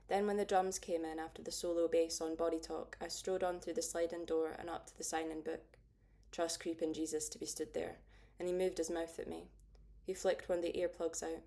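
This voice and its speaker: A woman narrating a first-person audiobook in a steady, understated way. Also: lowish voice.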